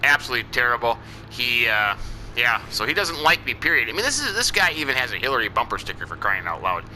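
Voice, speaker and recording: With big pitch swings and a quick pace, this man's bright, forceful, medium-pitched voice carries his farmer role-play over a farming game. He's a let's-player whose folksy, rambling talk is thick with "I tell ya" and "you know." The audio is poor, with slight background noise.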